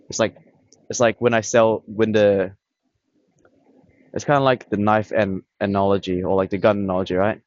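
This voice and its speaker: A man's voice: lowish voice, no room sound, dull audio. A man talking to a camera on a tripod in a blunt, dismissive, rambling monologue. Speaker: vlogger.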